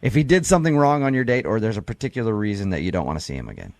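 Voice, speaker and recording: A man hosting a radio show, calmly and gently questioning a caller, with a teasing edge. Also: fairly low pitch, racing, gravelly, no echo. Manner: calm, gently probing, then teasing. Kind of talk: radio call segment.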